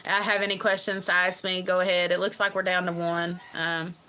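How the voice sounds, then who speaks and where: A woman's voice: on the low side, level tone, a little fast, pushed and bright, slight background noise, low-quality recording. A woman talking casually on her own livestream, rambling and earnest with many ums and restarts. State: tearful at times. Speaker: livestream host. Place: farm home.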